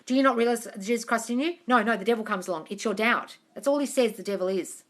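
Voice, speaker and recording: A woman's voice: fairly high pitch, quick pace, a bit bright. An Australian woman coaching on a live stream, reading viewer comments and answering them bluntly with plenty of swearing and calls of darling.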